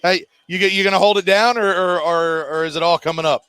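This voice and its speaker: A man's voice: high voice, steady tone, fast, fairly bright tone, smooth. A man hosting a live call-in sports chat, upbeat and teasing his caller with frequent laughs. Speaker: host.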